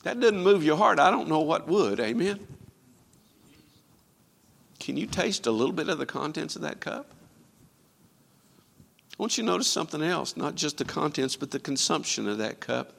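A man preaching a sermon, quoting scripture and swinging from loud, ringing lines to hushed ones. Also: a little high, sing-song, moderate pace, vocal fry, pauses often, long reverb tail.

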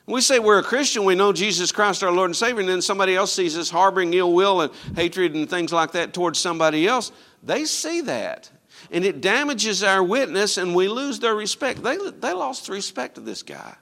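A man's voice: high-pitched, sing-song, a little fast, a bit bright. A man preaching a sermon emphatically, calling out to his congregation for responses. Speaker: pastor.

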